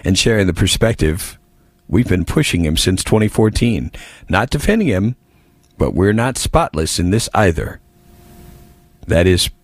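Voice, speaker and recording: A man hosting a political talk radio show, reading listener messages with wry asides. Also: low-pitched.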